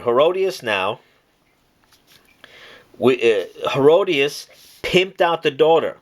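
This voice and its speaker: A man teaching the Bible in a preachy monologue, repeating key words and slowing right down to stress them. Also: mid-range voice, fairly bright tone.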